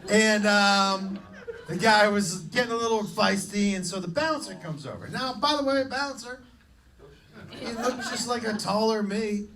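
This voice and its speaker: A man doing live stand-up on a comedy club stage, telling a story in an animated, profane way. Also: sits high, unhurried, far from the mic, crowd noise, background noise. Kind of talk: live stand-up crowd work.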